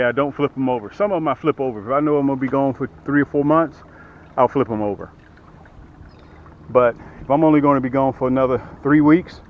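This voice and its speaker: A man's voice: medium pitch, a little hiss or hum. Man, middle-aged, folksy, slightly out of breath, outdoors, dull lo-fi camera sound. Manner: folksy, talks straight to viewers while working. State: out of breath from lifting. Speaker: boat dealer demonstrating a boat. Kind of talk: casual how-to demonstration. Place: outdoors by the water.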